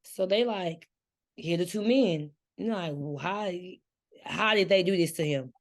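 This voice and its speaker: Low-voiced woman reacting to a book. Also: unhurried. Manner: expressive reactions, acting out characters' lines. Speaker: book review co-host. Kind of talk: casual book discussion.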